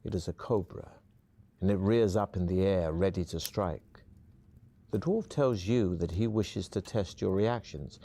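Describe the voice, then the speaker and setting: Deep-voiced male game narrator. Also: unhurried, mellow. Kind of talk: scripted second-person narration.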